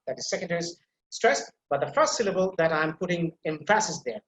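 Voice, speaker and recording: A male teacher giving a pronunciation lecture, repeating example words slowly and stressing their syllables, a native Bengali speaker. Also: on the high side, lively intonation, fairly bright tone, reverberant. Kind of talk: online lecture.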